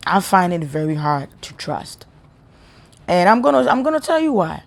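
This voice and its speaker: A woman's voice: fairly low pitch, sing-song, normal speed, creaky. A woman giving an earnest, emotional preaching monologue to her viewers, repeating her points with passion. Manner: earnest, impassioned, repetitive. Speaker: spiritual vlogger.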